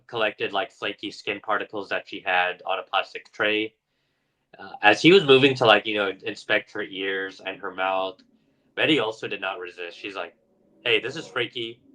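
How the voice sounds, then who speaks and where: Bright-voiced casual male podcast storyteller. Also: lowish voice, poor audio. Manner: loose, filler-heavy retelling with acted-out quotes. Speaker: podcast co-host retelling a story.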